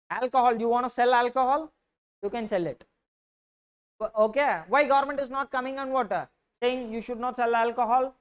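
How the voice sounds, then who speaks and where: A woman with a Tamil-influenced Indian English accent giving a classroom economics lecture. She dictates notes, repeats key points, and keeps asking whether the students are following. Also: on the high side. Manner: dictates notes, then explains. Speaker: economics teacher.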